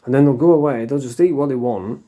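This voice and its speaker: A man's voice: mid-range voice, fast talker, warm tone. A middle-aged man from England, talking casually and bluntly to camera, rambling and swearing freely. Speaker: vlogger.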